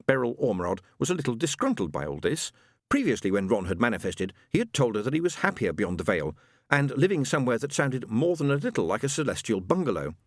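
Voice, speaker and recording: A man narrating an audiobook in an expressive, wry way. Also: mid-range voice, fast talker, no room sound, clean studio sound. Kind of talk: scripted narration.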